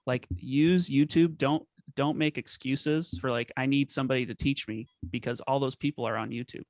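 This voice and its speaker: A man's voice: mid-range voice, steady tone, moderate pace, no echo. A man, a band member guest, talking earnestly and sentimentally in a casual interview. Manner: earnest, sentimental, laughs at himself.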